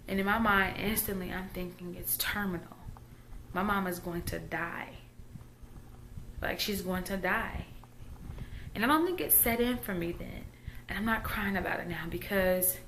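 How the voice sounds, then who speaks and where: A woman in her thirties with a Southern accent, talking quietly and haltingly in a personal vlog. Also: mid-range voice, slight background noise. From Texas. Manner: quiet, halting, often trailing off. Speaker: vlogger.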